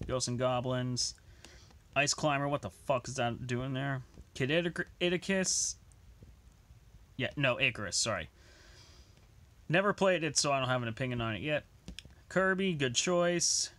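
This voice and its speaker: A man's voice: mid-range voice, bright, forceful tone. A young man ranting angrily about a list of video games, swearing constantly. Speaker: gaming vlogger.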